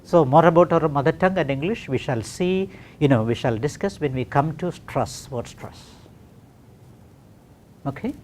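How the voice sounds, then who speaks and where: A male teacher leads a classroom pronunciation lesson at an unhurried pace. His voice moves up and down in a lively way as he repeats words over and over for practice, checking in with "okay" between them. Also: fairly high pitch, a little hiss or hum. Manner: slow and deliberate, repeats words for practice, often says "you know" and "okay". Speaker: English teacher.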